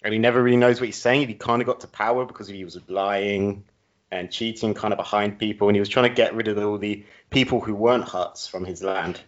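Male co-host, slightly low voice, hesitant dry comic delivery, dull low-fi recording. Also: fairly even intonation. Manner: halting, full of ums, dry asides. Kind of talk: casual comedic chat. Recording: dull lo-fi sound.

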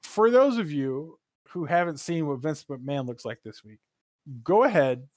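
A man with a slightly higher voice chats on a gaming podcast. He rambles and swears, and his pitch leaps up without warning. The sound is dry and close. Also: moderate pace, no room sound. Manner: animated, profane, rambling with sudden jumps in pitch. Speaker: podcast co-host. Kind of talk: casual gaming podcast chat.

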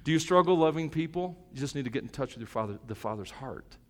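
A middle-aged male pastor preaching a sermon, moving between soft, reflective asides and loud, fervent stretches. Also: medium pitch, expressive, fast talker, long reverb tail.

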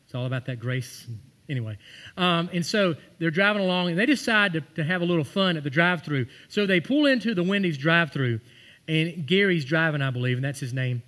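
A man preaching a sermon, weaving everyday stories into his message. His voice sits high and rings bright and forceful. He climbs to emphatic peaks when he quotes scripture. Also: animated, brisk. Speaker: pastor.

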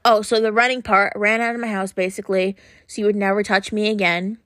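A young woman hosting a podcast, talking frankly and earnestly in a casual monologue, often pausing on fillers. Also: mid-range voice, flat delivery, fairly bright tone, dry recording, clean studio sound. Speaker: podcast host.

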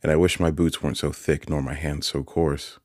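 A man voicing a troubled young boy in an audiobook, quiet and downcast, close to his own reading voice. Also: extremely low pitch, level tone, moderate pace, no echo.

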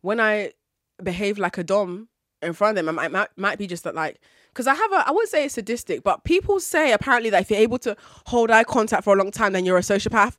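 A woman's voice: mid-range voice, animated, fast talker, a bit bright, dry recording. A woman hosting a podcast, talking in frank, teasing casual chat on a dry close mic. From London, with Nigerian family ties. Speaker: podcast host.

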